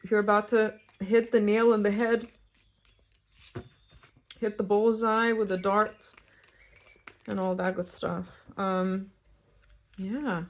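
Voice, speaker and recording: A young woman from Eastern Europe giving a casual pick-a-card tarot reading, chatty and animated and prone to tangents. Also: medium pitch, takes it slowly, pauses often. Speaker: tarot reader.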